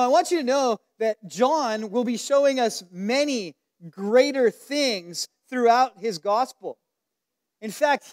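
A male pastor preaching a sermon at a church service, telling Bible stories with lively, acted-out quotes. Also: very high-pitched. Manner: animated storytelling, acts out quoted lines.

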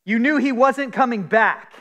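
High-voiced male pastor in a reverberant hall. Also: sharp tone, highs cut off. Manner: earnest, emphatic preaching with drawn-out stresses. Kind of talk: sermon.

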